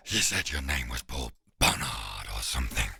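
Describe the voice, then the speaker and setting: A man voicing a giant male hellhound in an audiobook, deep and whining in baffled fear. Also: sing-song, moderate pace, creaky, sharp tone, husky, no room sound, studio quality, exaggerated voice. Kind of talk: audiobook character voice.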